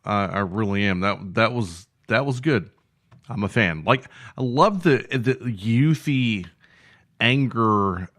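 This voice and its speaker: A man with a somewhat low voice hosts a casual music review show. He rambles through his opinions with plenty of fillers and restarts, poking fun at himself like someone who has just rolled out of bed. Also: lively intonation, slow, fairly bright tone. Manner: rambling, self-deprecating, full of fillers and repeats. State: just woken up.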